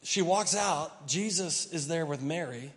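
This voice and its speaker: A man pastor preaches in a lively, conversational way, telling the story vividly and throwing questions to the congregation. His voice sits fairly high. A long church-hall reverb trails behind him. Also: measured pace. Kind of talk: sermon. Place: church sanctuary.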